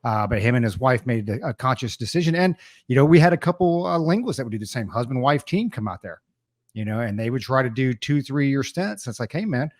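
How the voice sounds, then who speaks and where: A man hosts a podcast in a relaxed, chatty way. His voice sits mid-range, recorded close and dry with no room sound. He tells stories and acts out other people's lines. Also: mid-range voice, brisk, no echo. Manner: storytelling, animated quoting of others. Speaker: podcast host. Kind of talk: casual chat.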